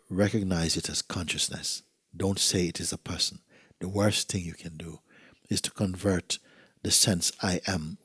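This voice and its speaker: A man with a low, husky voice gives a gentle spiritual talk. He speaks softly and often sinks into a near whisper. His manner is unhurried, with rhetorical questions that invite the listener in. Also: dry recording, clean studio sound. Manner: soft-spoken, often sinking to a whisper; gentle, asks rhetorical questions like "you see?". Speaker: spiritual teacher. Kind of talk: spiritual talk, reading and answering letters.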